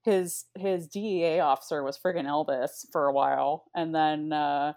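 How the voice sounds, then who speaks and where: A woman's voice: low-pitched, fairly even intonation, normal speed, a little mellow. A woman co-hosting a podcast, reacting loosely with fillers and the odd swear. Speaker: podcast co-host. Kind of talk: casual podcast chat.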